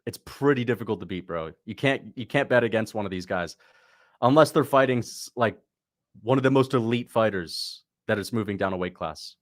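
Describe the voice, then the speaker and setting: A man hosting a casual livestream, reacting to a fight as it happens and talking to his chat, breaking into excited shouts at big moments. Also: lowish voice, brisk. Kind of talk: casual live commentary.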